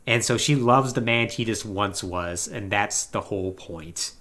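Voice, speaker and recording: A man hosting a casual video game podcast, retelling a story with animated, acted-out quotes. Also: lowish voice, unhurried. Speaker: podcast host.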